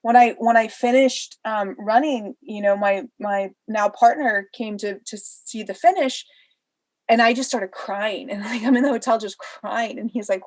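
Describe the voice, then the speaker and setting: Lively pregnant woman telling stories. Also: a little high, normal speed. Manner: animated, laughs often, acts out quoted voices. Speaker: interview guest. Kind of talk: casual storytelling in a podcast interview.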